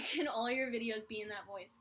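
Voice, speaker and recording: On her live vlog, this twenty-something vlogger from Philadelphia talks casually at a normal speed, her slightly high voice fairly bright, with a little background noise audible. Self-deprecating, she acts out the voices of anyone she quotes, all in her Philadelphia accent.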